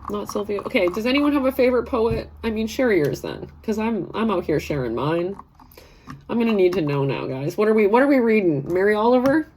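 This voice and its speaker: A woman's voice: mid-range voice, expressive, fairly quick, a little mellow, a little hiss or hum. A woman in her thirties hosting a live stream, chatting casually and rambling, laughing often and reading viewer comments aloud. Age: 30s. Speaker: live session host.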